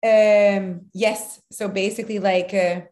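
Animated emphatic woman podcaster. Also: mid-range voice, takes it slowly. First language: French. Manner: animated, emphatic, sprinkled with fillers. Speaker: podcast co-host, nutrition coach. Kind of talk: casual podcast chat.

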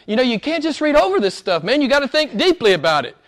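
A male pastor preaching a sermon in a conversational way, speaking straight to his listeners and swinging from loud stresses down to near-whispers. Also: extremely high pitch, sing-song, fast. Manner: conversational, addresses listeners directly.

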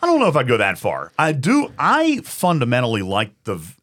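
A man co-hosting a podcast, talking in an emphatic, animated way and often repeating words as he argues a point. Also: mid-range voice, a little fast. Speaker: podcast co-host. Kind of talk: casual debate chat.

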